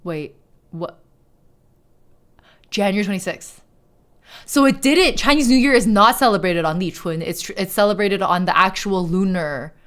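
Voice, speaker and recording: A woman livestreamer in casual chat, reading aloud to her viewers; excitable and chatty, swearing freely. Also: mid-range voice, moderate pace, pauses often.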